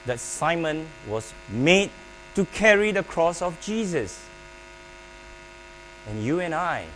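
A man preaching a sermon, emphatic and paced with pauses, calling on the congregation to repeat his words. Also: mid-range voice, low-quality recording. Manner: emphatic, with pauses and call-and-response prompts. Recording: faint mains hum.

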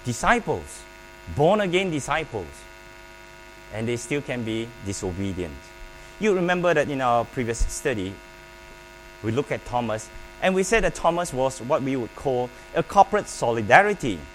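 A man preaching a sermon, emphatic and paced with pauses, calling on the congregation to repeat his words. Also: medium pitch, sing-song, fairly bright tone, rough recording. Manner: emphatic, with pauses and call-and-response prompts. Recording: faint mains hum.

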